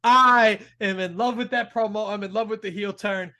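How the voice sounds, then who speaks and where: A man co-hosting a casual wrestling talk show, excitable and gushing, quick to laugh. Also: high-pitched. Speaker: co-host.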